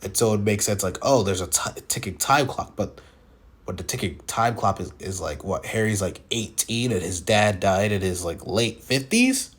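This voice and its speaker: A man's voice: on the low side, normal speed. A man casually reviewing films, talking in a rambling, opinionated way and often restarting his sentences. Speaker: film reviewer. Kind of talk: casual spoken film commentary.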